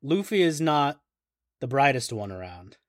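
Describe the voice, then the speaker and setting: A man's voice: mid-range voice, big pitch swings, measured pace, no echo, clean studio sound. A man co-hosting a podcast, joking in a sarcastic, profane way. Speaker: podcast co-host. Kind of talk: casual podcast banter.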